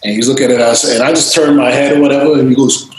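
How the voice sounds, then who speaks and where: A man telling stories in a casual interview, animated and freely swearing, acting out voices. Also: medium pitch, fast, heavy reverb, background noise. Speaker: interview guest, DJ and producer.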